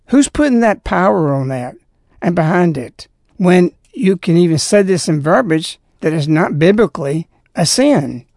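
A man's voice: sits high, a little mellow, no room sound, studio quality. A man appearing as a guest on a talk radio show, speaking indignantly and moralizing in long, rambling turns. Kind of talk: opinionated talk radio conversation.

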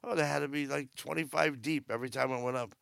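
A man's voice: mid-range voice, fairly even intonation, fast talker, gravelly, fairly bright tone, clean tone, no room sound, studio quality. A man in his seventies hosting a podcast, giving blunt, rambling, sarcastic news commentary. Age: 70s. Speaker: podcast host. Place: aboard a cruise ship.

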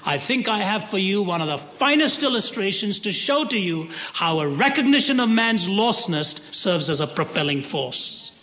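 A man's voice: sits high, big pitch swings, moderate pace, few pauses, pushed and bright, big-room sound. A man preaching a sermon, telling a story dramatically and voicing the people in it.

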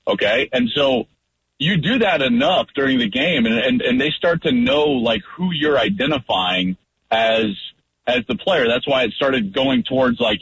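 Animated ex-quarterback man on radio. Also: medium pitch, lo-fi sound, slight background noise. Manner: lively, acts out line calls loudly. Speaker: guest, former quarterback. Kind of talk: animated sports talk.

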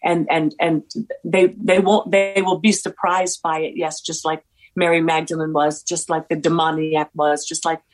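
A woman speaks in a slightly low register as an interview guest. She tells faith stories with earnest warmth and animated retellings of dialogue. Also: normal speed, rough recording. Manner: earnest, animated storyteller acting out quoted dialogue. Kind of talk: faith-focused interview storytelling.

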